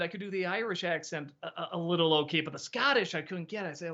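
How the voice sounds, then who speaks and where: A man's voice: sits high, fast talker, few pauses, lo-fi sound, over music. A middle-aged man answering viewer questions in a casual livestream chat, rambling, laughing often and swearing freely.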